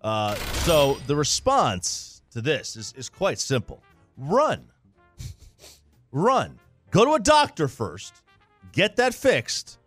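A man's voice: fairly high pitch, huge pitch swings, slow pace, a bit bright, dry recording, faint music behind. A man hosting a radio talk show, giving blunt joking advice in casual banter. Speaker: radio show host reading listener letters.

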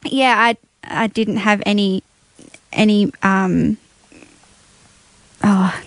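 A woman's voice: mid-range voice, steady tone, slow, dry recording. A woman in her late teens answering interview questions in a casual, giggly way, with many hesitations and ums. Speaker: guest.

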